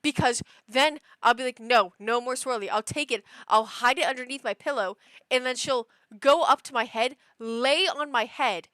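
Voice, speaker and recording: A woman livestreamer chatting casually, telling stories in an animated, exasperated way with lots of fillers. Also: high-pitched, normal speed, no room sound. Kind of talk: casual chat.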